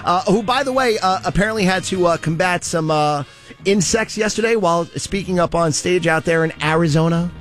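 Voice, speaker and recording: A man's voice: high-pitched, brisk, a bit bright, faint music behind. Sarcastic man hosting casual commentary. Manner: sarcastic, loose and chatty. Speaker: host of a political commentary show.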